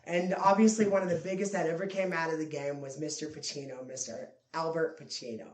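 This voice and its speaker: A man's voice: on the high side, fairly even intonation, fairly quick. Rambling casual podcast guy. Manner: rambling, loose, lots of fillers and swearing. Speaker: podcast co-host. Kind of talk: casual chat. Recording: roomy echo.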